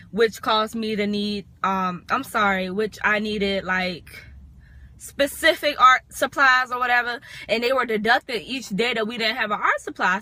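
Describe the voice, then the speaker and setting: A young woman in her twenties tells a casual storytime vlog in a high, bright voice. She is animated, leans on fillers and swears freely. The sound is close and dry. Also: no room sound. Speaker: vlogger.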